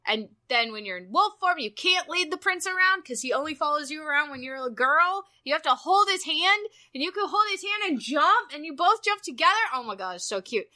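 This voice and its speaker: A young woman with a high, bright voice gushes through a casual podcast chat. She swoops up and down in pitch and breaks into excited squeals, and she swears freely as she goes. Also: brisk, hardly any pauses. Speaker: podcast co-host.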